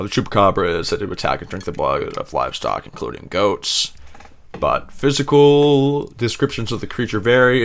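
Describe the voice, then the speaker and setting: A man's voice: on the low side, vocal fry, fairly bright tone. A Canadian man co-hosting a podcast, chatting loosely and reading facts aloud in a rambling way. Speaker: podcast co-host. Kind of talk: casual chat.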